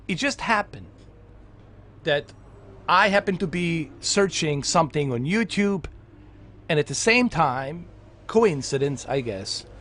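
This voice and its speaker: A man's voice: on the high side, fairly bright tone. Chatty, rambling man gaming vlogger. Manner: rambling, chatty, many fillers and restarts. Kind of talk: casual chat while gaming.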